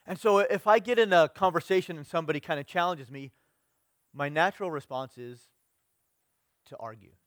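A man's voice: a little high, a little fast, fairly bright tone, dry recording. Conversational male pastor with a dry sound. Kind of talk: sermon.

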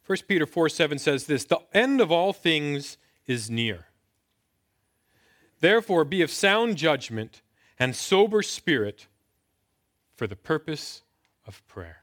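A pastor in his thirties preaches slowly and with long pauses, his fairly high, fairly bright voice very animated. The filmed indoor sermon is conversational, built on rhetorical questions and strong, rising emphasis on key words.

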